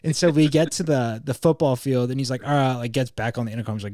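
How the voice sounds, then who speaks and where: A young man from California rambles through a story in a loose, profane podcast chat, quoting people as he goes. His voice sits at an ordinary pitch for a man. It is recorded close and dry, with no room sound. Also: fairly even intonation, fast, a little mellow, no echo. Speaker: podcast host.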